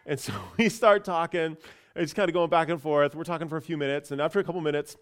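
A pastor telling a personal story in a casual, chatty sermon, with many fillers and restarts. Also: male voice, on the high side, steady tone, quick pace, clear, resonant tone.

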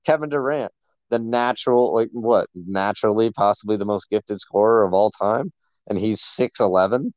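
A man's voice: lowish voice, normal speed, no echo, low-quality recording. A man co-hosting a sports podcast, talking enthusiastically and rambling with lots of fillers. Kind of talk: casual sports chat.

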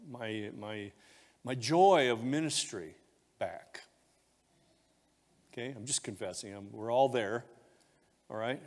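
A male pastor preaching a sermon, telling a personal confession in an emotional, heartfelt way. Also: lowish voice. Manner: emotional confessional storytelling, voice rising when moved. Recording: long hall reverb.

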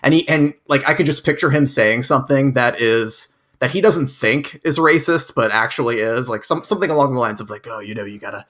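A man chatting casually on a podcast, rambling with many fillers while he thinks out loud. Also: mid-range voice, a little fast, hardly any pauses. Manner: rambling, filler-heavy, reflective.

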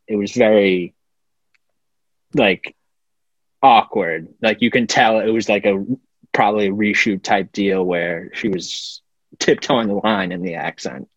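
A man's voice: fairly low pitch, husky, no room sound. A young man co-hosting a podcast, chatting casually about a movie and stumbling over his words with many restarts. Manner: halting, stammering restarts. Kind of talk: casual movie review chat. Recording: dull lo-fi mic.

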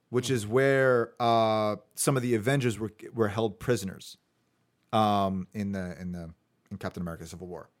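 Chatty male podcast host. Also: medium pitch. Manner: chatty, runs through a list of notes with fillers. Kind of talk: casual podcast recap.

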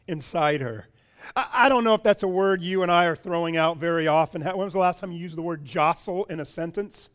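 A man preaching a sermon as a pastor, animated, asking his congregation questions and often repeating words. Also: high voice.

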